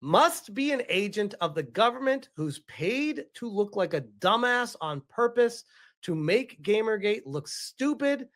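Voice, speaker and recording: Dismissive male streamer, lively voice. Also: high-pitched, measured pace. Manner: dismissive, eye-rolling. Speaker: streamer in a played clip. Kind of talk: casual stream commentary.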